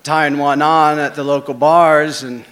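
Bright-voiced man telling a story. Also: a little high, steady tone, unhurried, big-room sound. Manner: swings between hushed asides and loud dramatic beats. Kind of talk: live first-person storytelling.

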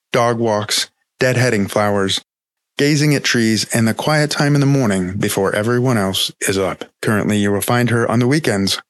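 Measured man hosting a podcast. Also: medium pitch, no echo. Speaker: podcast host. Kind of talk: scripted narration.

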